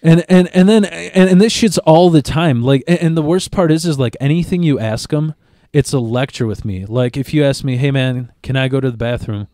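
A man rambles through a long workplace story, swearing often and repeating words as he gets going. His voice is mellow and dark, at an ordinary pitch for a man. The recording is dry and close, with no room around it. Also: normal speed, no room sound. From Chicago area. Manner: profane, rambling, repeats words when starting. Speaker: stand-up comedian guest. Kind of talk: casual podcast storytelling.

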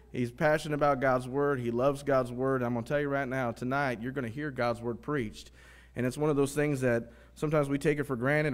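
Chatty man introducing the preacher. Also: mid-range voice. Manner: chatty, warm praise, stumbling restarts. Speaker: song leader introducing the preacher. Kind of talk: casual introduction at church.

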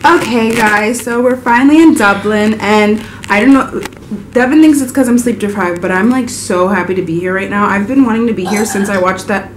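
A young woman with a mid-range voice chats casually at a moderate pace in her travel vlog, filmed indoors in a room in Dublin. Sleep deprived and scattered, she keeps losing her train of thought. The handheld camera picks up noisy audio.

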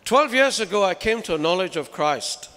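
A man's voice: sits high, expressive, normal speed, fairly bright tone. A man preaching a sermon with emphasis, putting rhetorical questions to his listeners. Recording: reverberant hall.

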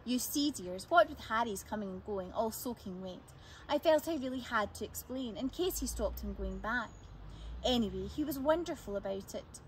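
A woman reading as a gentle frail old lady. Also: on the high side, animated, normal speed, slight background noise, lightly acted, poor audio. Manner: gentle, warm endearments to children. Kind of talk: storybook read-aloud.

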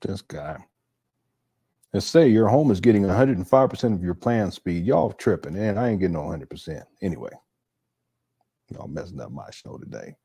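A male live-stream host reacting to a clip. His voice is low and mellow but swings widely in pitch as he exclaims in disbelief. He talks casually to his chat. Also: lively intonation, normal speed, gravelly, pauses often, slightly rough.

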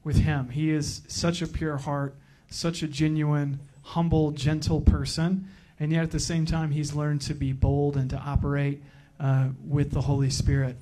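Joking pastor with a mellow, higher voice. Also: male voice, little pitch movement, unhurried, hardly any pauses. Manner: joking, rambling, with many fillers. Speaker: church pastor introducing a guest speaker. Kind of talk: casual church introduction. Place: church sanctuary.

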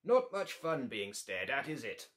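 Man voicing a frog, plump, small, croaky, knowing, storybook. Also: medium pitch, huge pitch swings, unhurried, fairly bright tone. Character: plump little wise male frog.

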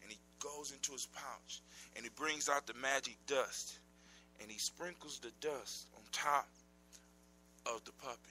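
A man telling a folk tale aloud in a casual, animated, conversational way. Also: mid-range voice, unhurried, slight background noise, low-quality recording. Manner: animated, conversational, informal grammar. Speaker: storyteller. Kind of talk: casual oral storytelling.

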